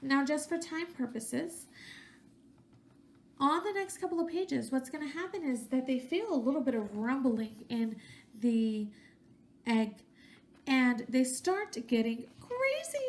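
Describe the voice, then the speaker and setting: A woman's voice: high voice, darkish tone. A woman teacher reading a picture book aloud to young children, stopping to ask questions and using voices for the characters.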